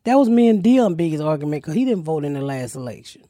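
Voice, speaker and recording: A woman's voice: deep voice, big pitch swings, quick pace, dark tone, no echo, clean studio sound. A woman with a Georgia Southern accent hosting a podcast, telling stories bluntly and profanely and laughing often. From Georgia, USA. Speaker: podcast host. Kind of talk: casual comedic storytelling.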